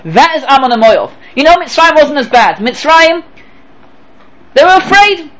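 A man teaching a Torah lesson in an animated way. He throws out rhetorical questions and acts out short exchanges, his voice swinging from low to high. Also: moderate pace, low-quality recording. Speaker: rabbi. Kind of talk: Torah lecture.

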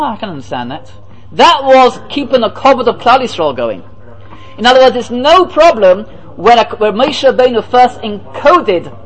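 A man's voice: very high voice, a bit bright, rough recording. A man, a rabbi, giving a Torah lecture. He asks rhetorical questions and answers them himself, and acts out the people he quotes.

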